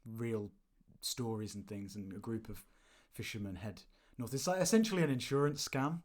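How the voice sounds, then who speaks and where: A man's voice: lowish voice, moderate pace. A man from the English Midlands co-hosting a film podcast, chatting casually with lots of fillers and restarts. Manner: rambling, hesitant, many fillers and restarts. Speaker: podcast co-host. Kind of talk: casual film-review chat.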